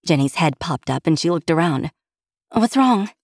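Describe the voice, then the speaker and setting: A woman narrating an audiobook with steady, even storytelling. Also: low voice, a little fast, dry recording, clean studio sound.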